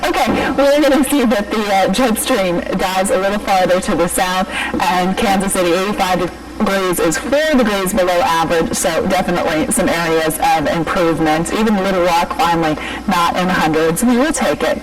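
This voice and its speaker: A woman's voice: on the low side, moderate pace, distant mic, low-quality recording. A woman meteorologist delivering a live TV weather forecast while struggling with hiccups. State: has the hiccups.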